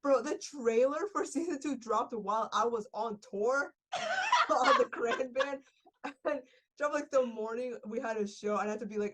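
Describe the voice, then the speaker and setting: A woman's voice: a little high, very animated, moderate pace, fairly bright tone. Young woman gushing in casual chat. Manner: gushing, laughing, filler-heavy storytelling. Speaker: podcast guest.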